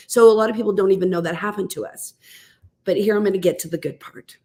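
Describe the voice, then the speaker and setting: A woman's voice: lowish voice, a little fast. Chatty woman guest telling stories. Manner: animated, chatty, with frequent fillers. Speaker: podcast guest. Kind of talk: casual storytelling.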